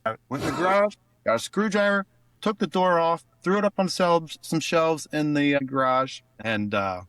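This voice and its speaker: A man casually retelling a personal story in a clip, rambling a little and lively as he goes. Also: on the high side, moderate pace, clear, resonant tone, no room sound, distant mic.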